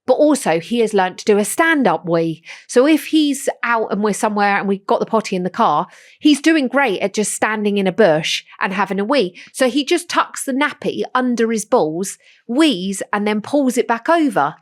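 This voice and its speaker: A woman, co-hosting a podcast and telling stories in casual chat, acting out what others said. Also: medium pitch. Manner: animated storyteller, quick to act out quotes. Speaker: podcast co-host.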